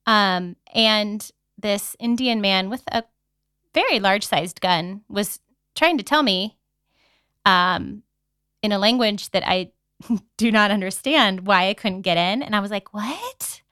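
A young woman co-hosts a casual podcast chat and tells stories with animated flair, acting out her own reactions. Her voice is bright and crisp. The recording is dry and close. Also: mid-range voice, a little slow, dry recording. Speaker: podcast co-host.

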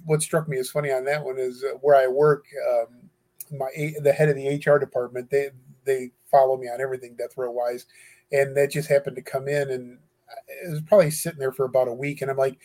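Talking fairly quickly in a medium, slightly mellow voice, this interview guest describes writing to death row inmates. The conversation is casual, and he comes across as earnest yet hesitant, full of fillers and restarts.

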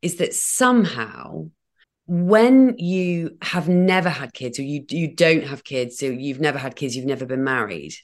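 A woman's voice: sits low, animated, measured pace. A woman hosting a podcast, talking tentatively and searching for her words. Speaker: podcast host. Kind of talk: podcast conversation.

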